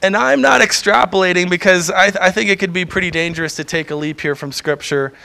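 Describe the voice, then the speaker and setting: A man's voice: high voice, brisk, creaky, bright, forceful tone. A middle-aged man preaching a sermon in a conversational way, often chuckling and acting out the voices he quotes.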